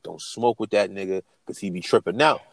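A man's voice: deep voice, a little fast, vocal fry, no room sound. A man co-hosting a podcast, telling stories in casual, profane chat, acting out quotes and laughing often. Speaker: podcast co-host.

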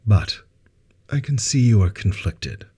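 Guy doing a regal old scientist, buttery smooth, low and dark. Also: very animated, heavily acted. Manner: buttery, measured gravitas. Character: elderly male scientist, regal and composed.

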